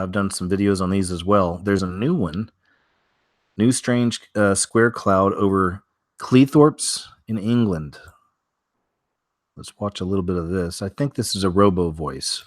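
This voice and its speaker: A man's voice: low-pitched, no echo, studio quality. A man hosting a weekly strange-news show from home, talking casually and rambling through stories with many fillers and restarts.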